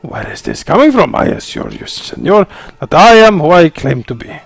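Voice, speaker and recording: A sly, suave fox con man with a mock Spanish accent, put on by a man reading a game aloud. His smooth, drawn-out lines swing up and down with a slight gravelly edge. The voice sounds dry and close, with soft game music underneath. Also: on the high side, big pitch swings, no room sound, exaggerated voice. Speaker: game player voicing characters.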